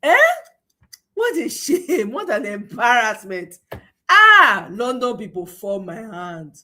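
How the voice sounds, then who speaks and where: Animated Nigerian woman mocking on a livestream. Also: mid-range voice, slow pace, slight background noise. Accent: Nigerian, mixing Nigerian Pidgin. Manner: mocking, animated, laughing asides, exclamations. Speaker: livestream host. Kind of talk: political commentary livestream.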